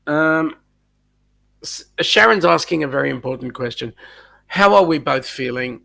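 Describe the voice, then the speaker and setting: This Australian co-host of a laid-back live stream has a cold that blocks his nose and makes his voice husky and low, almost "sexy." He reads viewer chat out loud while teasing and joking, his delivery expressive, a little slow, pushed, and bright.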